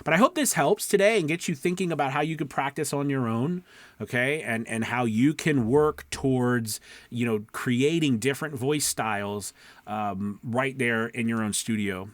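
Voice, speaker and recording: A man's voice: medium pitch, moderate pace, no echo. Man coaching voice actors, dry sound. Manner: conversational, repeats "okay" and "right" to check in. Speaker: voice acting coach. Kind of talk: casual teaching monologue.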